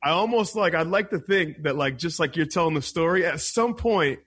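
High, bright, husky-voiced man riffing. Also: expressive, normal speed. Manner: laid-back, profane, riffing on jokes. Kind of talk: casual banter.

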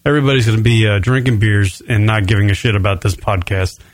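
A man's voice: lowish voice, steady tone, quick pace, dry recording. A young man hosting a podcast from his apartment, rambling and swearing in a loose, slightly tipsy solo rant. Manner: rambling, profane, self-mocking, loose from beer. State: a bit tipsy. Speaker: podcast host. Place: home studio in his apartment.

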